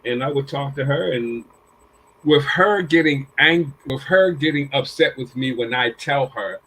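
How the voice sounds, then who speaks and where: A man's voice: medium pitch, measured pace, pushed and bright, slightly rough, poor audio. An older man casually telling family stories, acting out what people said and repeating phrases as he goes. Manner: acts out quoted dialogue with a raised voice. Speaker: panel guest. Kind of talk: casual storytelling.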